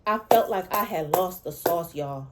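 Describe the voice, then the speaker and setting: A woman vlogging as a dream interpreter, telling a personal spiritual testimony in an excitable way, stretching out words for emphasis and swinging between hushed and loud. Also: lowish voice, moderate pace, background noise. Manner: excitable, repetitive, breaks off and restarts, keeps saying 'all right' and 'okay'. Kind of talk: emotional personal testimony to camera.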